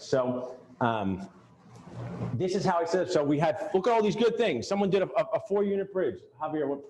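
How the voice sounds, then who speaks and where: A man's voice: mid-range voice, mellow. A man coaching a group at a live workshop, joking and talking straight at the audience. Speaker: dental practice coach leading a workshop. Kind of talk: live seminar talk to a group. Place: event room with attendees. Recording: roomy echo.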